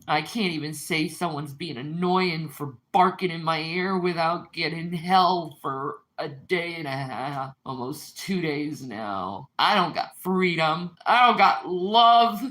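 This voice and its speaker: A woman's voice: low voice, fairly bright tone. A woman in a heated personal rant at her partner, upset, bitter and accusing, repeating herself.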